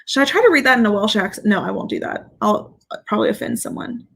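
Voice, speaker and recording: Gravelly, candid woman chatting on a livestream. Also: mid-range voice, lively intonation, fast talker, a bit bright. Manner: candid and playful, swears freely, laughs often. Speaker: fragrance reviewer and host. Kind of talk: casual livestream chat, reading viewer comments.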